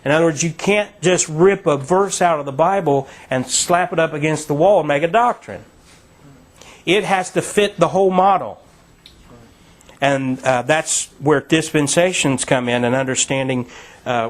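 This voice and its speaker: A man's voice: a little high, moderate pace. A man with a slightly raised voice leads a Bible study. He talks conversationally with fillers and then presses his points with emphasis. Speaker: Bible teacher. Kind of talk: sermon-style Bible study.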